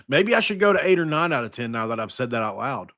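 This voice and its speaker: A man hosting a sports podcast, talking casually and thinking out loud with frequent restarts. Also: medium pitch, big pitch swings, fairly quick, no echo, studio quality. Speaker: podcast host.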